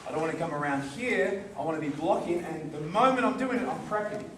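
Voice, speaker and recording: A man's voice: on the high side, quick pace, a crowd in the background. A man teaching a karate seminar, demonstrating moves and checking in with the group. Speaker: karate instructor. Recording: echoey hall, recorded from far off.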